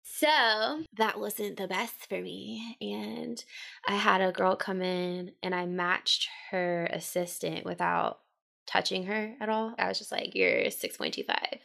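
Gravelly-voiced young woman telling stories. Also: mid-range voice, slow pace. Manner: animated, slangy, acts out quoted voices. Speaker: podcast co-host. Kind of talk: casual storytelling chat.

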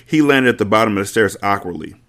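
A man with a fairly low voice reading a novel aloud in a casual way. He stops often for blunt, swearing asides to his listeners. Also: expressive, quick pace, a bit bright. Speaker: podcast host reading a novel. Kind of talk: casual read-aloud with commentary.

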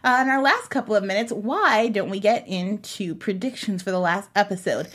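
A woman's voice: mid-range voice, lively intonation, normal speed, a bit bright, slight background noise. A woman hosting a casual TV after-show panel, upbeat and steering the talk between topics. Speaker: host.

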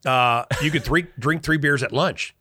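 Brief: forceful, lowish-voiced veteran in his forties, swaggering war-story teller, dry close sound. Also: moderate pace, husky, dry recording. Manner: animated and profane, laughing as he talks. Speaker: podcast guest, military veteran. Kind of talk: casual storytelling.

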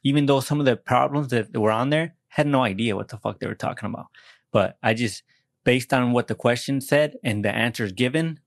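A man's voice: mid-range voice, a little fast, vocal fry, no room sound, clean studio sound. A young American man in casual podcast chat, rambling and self-deprecating, swearing often and restarting his sentences. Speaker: podcast co-host.

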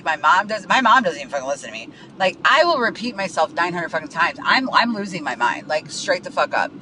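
A man with a high, sharp voice rants in a profane, heated monologue, circling back over the same words. He records from his car, and faint traffic noise hums underneath. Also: rough recording. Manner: profane, heated, repeats himself. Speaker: podcast host. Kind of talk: venting monologue.

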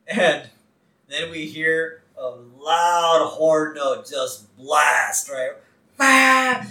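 Higher-voiced laughing man, roomy and distant. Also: very slow. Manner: laughs often, acts out lines with excitement. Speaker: podcast co-host. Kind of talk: casual chat recapping a cartoon episode. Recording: roomy, off-mic sound.

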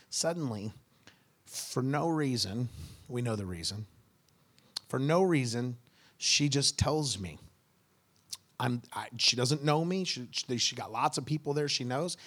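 A man, a pastor, telling a personal story in a relaxed, conversational sermon and acting out the dialogue. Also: mid-range voice, measured pace. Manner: animated, acts out dialogue.

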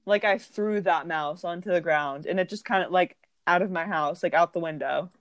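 Animated young woman telling stories. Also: fairly low pitch, moderate pace, dry recording. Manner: animated, full of "like", acts out voices. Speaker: podcast co-host. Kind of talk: casual storytelling chat.

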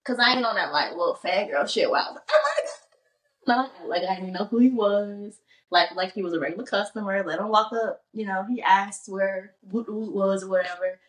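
A woman's voice: mid-range voice, a little fast, far from the mic. Laid-back young woman, off-mic and echoey. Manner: laid-back, slangy, rambling anecdotes. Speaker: podcast co-host. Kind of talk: casual chat.

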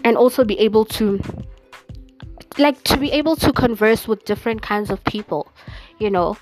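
Woman, podcast host, casual chat, gushing, mid pitch, faint music behind. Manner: chatty, gushing, addresses listeners as guys.

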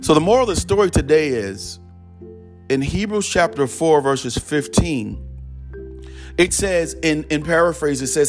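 A man's voice: a little high, animated, moderate pace, faint music behind. A man preaching in a conversational storytelling style, often repeating "he said" as he goes. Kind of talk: storytelling sermon.

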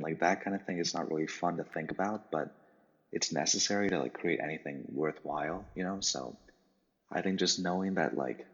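A man, a podcast guest with a voice getting creaky, rambling casually with lots of fillers. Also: extremely low pitch. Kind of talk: casual interview. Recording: dull line with long reverb.

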